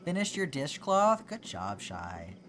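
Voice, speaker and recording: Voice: mid-range voice, wildly swooping pitch, takes it slowly, fairly bright tone, slight background noise. A streamer from Georgia chatting casually and answering live chat, talking through thoughts with many fillers and restarts. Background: background music.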